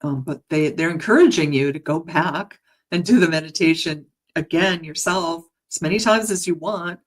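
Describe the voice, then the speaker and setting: A woman with a low, deep speaking voice talks her listeners through what a healing meditation will involve. She is gentle and chatty, restarting her sentences and laughing softly, and comes across as earnest and easily moved. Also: moderate pace. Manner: emotional, earnest. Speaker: meditation guide and healer. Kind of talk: casual spoken introduction to a guided meditation.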